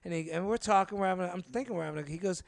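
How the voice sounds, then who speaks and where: Brief: male comic, storyteller, gravelly edge, dry close sound. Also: high voice, racing, no echo. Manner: animated, laughs through his own stories. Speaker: comedian telling stories. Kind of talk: casual storytelling chat.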